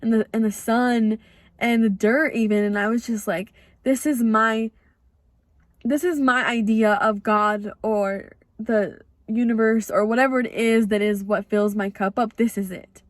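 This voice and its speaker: A woman's voice: a little high, steady tone, a little slow, dry recording, studio quality. A young woman with an American accent hosting a podcast, telling a personal story in a rambling, earnest way with lots of "like" fillers. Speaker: podcast host.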